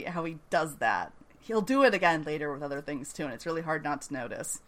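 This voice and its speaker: A woman's voice: medium pitch, a bit bright. A woman recapping a TV episode in casual chat. She is chatty, laughs often and swears freely. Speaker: podcast host recapping a TV episode.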